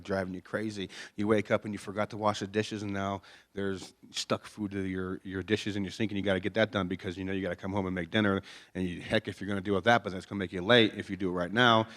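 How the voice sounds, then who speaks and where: A man's voice: sits low, level tone, fast talker, fairly bright tone. A man preaching a conversational sermon in a chapel, folksy and joking, with many rhetorical questions. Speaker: pastor. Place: chapel before a congregation.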